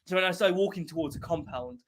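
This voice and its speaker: Young man, a guest with casual, laughing stories and a slightly high voice. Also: quick pace. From Wales. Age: young adult. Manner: laughing, profane, offhand. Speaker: interview guest. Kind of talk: casual storytelling.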